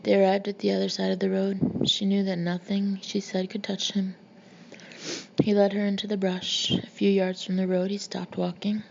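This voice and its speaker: A woman reading a novel aloud in a measured, even manner. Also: mid-range voice, gravelly. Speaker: audiobook reader. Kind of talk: scripted narration. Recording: muffled lo-fi recording with faint hiss.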